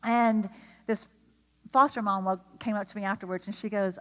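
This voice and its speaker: A woman's voice: medium pitch, normal speed. Woman lecturing teachers in a reverberant hall. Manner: animated, asks the audience questions. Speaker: speaker at an educator training.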